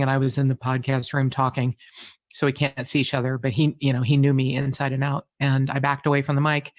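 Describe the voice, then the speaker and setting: A woman's voice: extremely low pitch, no room sound. Frank, emotional woman on a dull line. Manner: frank and emotional, swears casually, self-deprecating. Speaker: podcast guest, true crime podcaster. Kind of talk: candid conversational interview.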